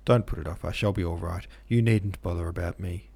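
A man's voice: low voice, fairly quick, gravelly, darkish tone, breathy edge, full character voice. A man voicing a sick, weak young man with influenza who protests politely and sounds weary.

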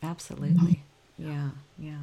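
A woman hosting an interview, supportive and quick to affirm her guest. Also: low voice, flat delivery, creaky, warm tone. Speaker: interview host. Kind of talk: casual interview chat.

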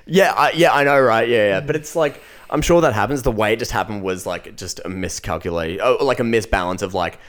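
A man's voice: on the low side, a little fast, few pauses, a bit bright. A young Australian man co-hosting a podcast in casual, laid-back chat, full of swearing, laughter and fillers. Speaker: podcast co-host.

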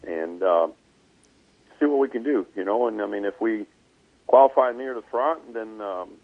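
A race car driver and team owner, guesting on a casual phone-line interview, talks through his plans in a relaxed, measured way, peppering his speech with um and uh. The man's lowish voice comes through tinny and dry, without echo.

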